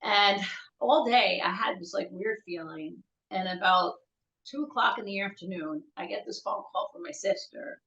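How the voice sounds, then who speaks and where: A middle-aged woman, a bereaved mother, telling her son's story as a podcast guest, halting and searching for words, tearful at times. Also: mid-range voice, fairly bright tone, roomy sound, highs cut off. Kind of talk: emotional personal storytelling.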